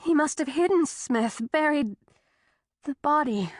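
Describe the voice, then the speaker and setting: A frightened young woman with a tense, breaking voice, as a woman narrator reads her, pleading slowly and earnestly to be believed. The delivery is unhurried and the sound close and dry. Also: high voice, lively intonation, no echo, pitched above the performer's own voice.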